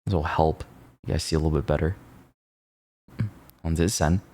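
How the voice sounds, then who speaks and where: A man streaming casually, reacting to viewers' posts in an excitable, sweary way. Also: very deep voice, moderate pace. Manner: excitable, swears freely, jumps between mumbling and loud outbursts.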